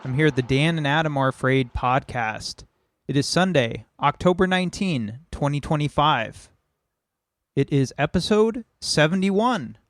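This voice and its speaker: Joking and laid-back, this podcast co-host chats casually in a highish, lively voice without hurrying. The sound is dry and studio-clean.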